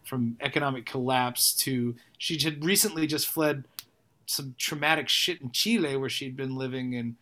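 A man, a songwriter, talking casually in an interview, animated and rambling, with frequent restarts and swearing. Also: mid-range voice, normal speed. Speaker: songwriter and musician guest.

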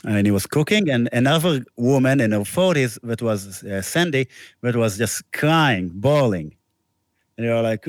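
A man's voice: mid-range voice, lively intonation, moderate pace, no echo, studio quality. Man telling a rambling band story. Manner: rambling anecdotes with restarts and laughs. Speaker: musician guest. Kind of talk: casual storytelling interview.

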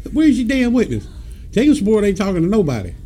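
In a high-pitched, warm voice, this podcast co-host spins rowdy tales during casual storytelling chat, full of laughter and profanity.

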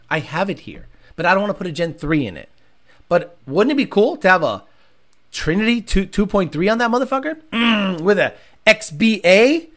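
A man livestreaming to his car channel's chat, talking casually in an animated, profane, slangy way. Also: high-pitched.

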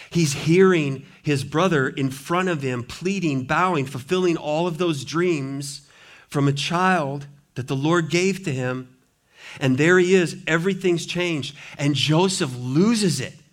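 Male pastor, mid-range voice, dramatic sermon reading, swings between hushed and loud. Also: mid-range voice.

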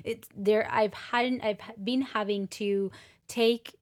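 Animated woman podcast co-host. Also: a little high, slow. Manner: expressive storyteller, animated when excited. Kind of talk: casual chat. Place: Malmo.

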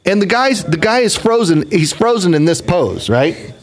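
Rambling storyteller man, slightly high voice. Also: big pitch swings, moderate pace. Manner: rambling, repeats words, swears casually. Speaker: podcast host. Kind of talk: casual storytelling chat.

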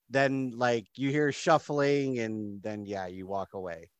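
A man's voice: medium pitch, unhurried, few pauses, clear, resonant tone, no echo. Man running a tabletop game. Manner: casual, rambling narration with fillers. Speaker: game master.

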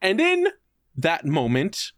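A man chatting on a podcast in a somewhat high voice, recorded dry and close. He tells the story casually and with lots of swearing. He slips into put-on voices to act out what people said. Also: takes it slowly, dry recording. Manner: animated, profane storytelling; acts out quotes in put-on voices. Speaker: podcast co-host. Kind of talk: casual chat.

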